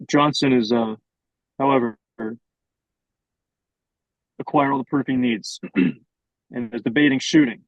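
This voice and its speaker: A man's voice: medium pitch, steady tone, measured pace, pauses often, no echo, lo-fi sound. A young adult man improvising a story as co-host, narrating in a hesitant, filler-heavy way. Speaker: podcast co-host.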